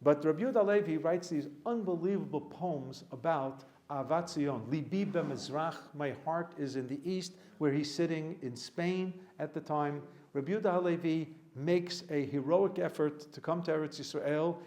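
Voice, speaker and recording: A man's voice: fairly high pitch, moderate pace, hardly any pauses, darkish tone. A middle-aged man, a rabbi giving a casual classroom lecture full of digressions and joking asides.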